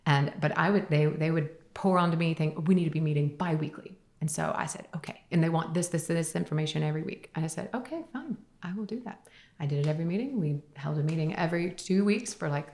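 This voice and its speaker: A woman with a low, gravelly voice speaks as a podcast guest. She tells her story earnestly and openly, with feeling in her delivery. The conversation is candid and unscripted. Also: fast talker, few pauses, darkish tone, reverberant. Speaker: guest entrepreneur, company founder.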